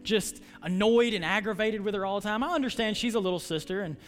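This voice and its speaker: A middle-aged man preaching from the pulpit, his voice sitting high for a man. He tells a story in a loose, conversational way, often stumbling and restarting, while faint music plays underneath. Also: quick pace. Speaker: pastor. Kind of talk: sermon.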